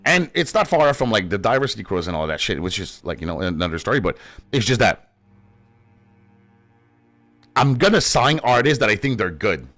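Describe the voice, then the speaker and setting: A man's voice: lowish voice, big pitch swings, brisk, pauses often, fairly bright tone, dry recording, faint music behind. A young adult man, a gaming streamer, in a passionate, profane, casual rant. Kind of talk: casual ranting commentary.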